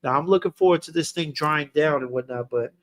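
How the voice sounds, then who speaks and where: A man's voice: fairly high pitch, a little fast. Laid-back slangy man reviewing on a livestream. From Texas. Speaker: fragrance reviewer, livestream host.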